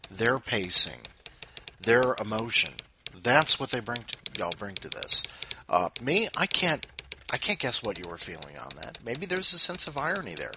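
A man's voice: mid-range voice, background noise. A man hosting a podcast, chatting casually and joking between listener stories, with lots of fillers and asides. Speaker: podcast host. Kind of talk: casual chat.

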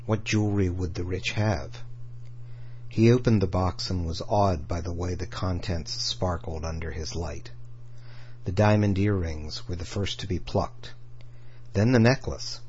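A man narrating a short crime story in a quiet, measured way. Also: low-pitched. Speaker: story reader. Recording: dull lo-fi with faint noise.

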